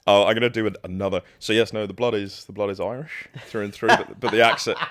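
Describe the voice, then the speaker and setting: A man's voice: fairly low pitch, fairly even intonation, fast talker, a bit bright, no room sound, clean studio sound. A young man with an English accent, co-hosting a casual podcast chat in a jokey, self-deprecating, rambling way. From England. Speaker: podcast co-host.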